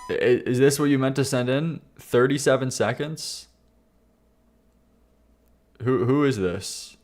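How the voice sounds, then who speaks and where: Man, live-stream host, casual, sarcastic, laughing, mutters asides, mid pitch, faint music behind. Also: slow pace. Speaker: streamer reviewing viewer song submissions.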